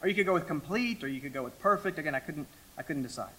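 A middle-aged man preaching an expository sermon to his church, emphatic, with dramatic pauses and sudden drops from loud to hushed. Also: a little high, expressive, husky. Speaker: pastor.

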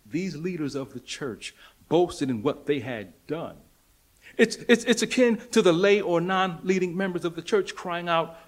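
A man preaching with emphasis, his voice sitting a little high for a man. He swings from loud declarations down to near-hushed lines and drives home points with repeated rhetorical questions. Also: lively intonation, a little slow. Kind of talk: sermon.

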